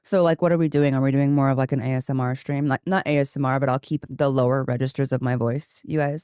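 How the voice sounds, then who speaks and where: A woman game streamer chatting casually and rambling on a desk microphone, laughing often, her voice jumping higher when she gets excited. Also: fast, few pauses, clean tone, no echo, studio quality. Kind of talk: casual live-stream chat. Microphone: desk microphone with headphones.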